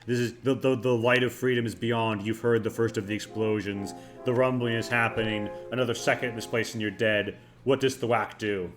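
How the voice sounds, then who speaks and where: Game master narrating over music. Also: male voice, medium pitch, steady tone, fairly quick, hardly any pauses. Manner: dramatic storytelling, casual swearing. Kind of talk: live-streamed tabletop game narration. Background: background music.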